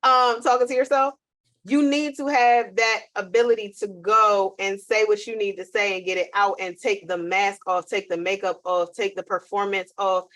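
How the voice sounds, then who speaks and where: A woman co-hosting a podcast, chatting in a lively way and acting out voices. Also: mid-range voice, normal speed. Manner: animated, acts out voices when telling stories. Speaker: podcast co-host. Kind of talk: casual podcast conversation.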